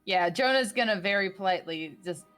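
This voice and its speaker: A woman narrating a tabletop game as game master in a casual, animated way. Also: mid-range voice, soft background music. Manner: animated, casual, quick to laugh.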